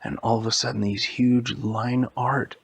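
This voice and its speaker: A man narrating an improvised story in a rambling, animated way. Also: mid-range voice, measured pace, husky, no room sound. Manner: animated, rambling run-on telling.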